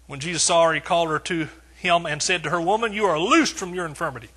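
A male pastor delivers a sermon, stacking phrase on phrase in emphatic repetition. His voice sits a little high, with a bright, forceful edge. An audible huskiness runs through it. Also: fast talker, husky. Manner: preaching with emphatic repetition and rising swells.

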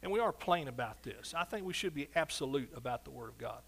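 A man's voice: mid-range voice, expressive, quick pace. A man preaching a sermon emphatically, often asking the congregation for response. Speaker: pastor.

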